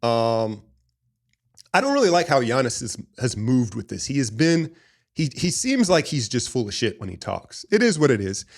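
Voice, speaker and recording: A man hosting a casual basketball talk show, rambling and opinionated in an animated fan's way. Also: mid-range voice, normal speed, gravelly. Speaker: sports podcast host. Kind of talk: casual sports commentary.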